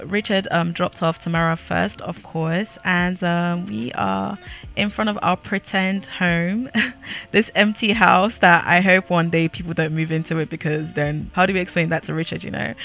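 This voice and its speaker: A young woman giving casual, chatty commentary while playing a life-sim game, sassy and quick to laugh. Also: fairly low pitch, gravelly, fairly bright tone. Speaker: gaming YouTuber.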